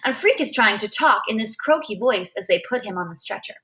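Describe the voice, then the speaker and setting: A woman reading a novel aloud as a first-person storyteller, in an expressive way. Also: medium pitch, fairly quick. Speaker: reader.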